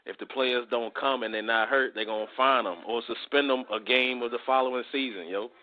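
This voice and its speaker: A man with a mid-range voice chats about sports as a co-host. He is relaxed and halting and often repeats himself. The audio is squeezed and tinny, like a phone call. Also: mid-range voice. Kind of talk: casual sports talk.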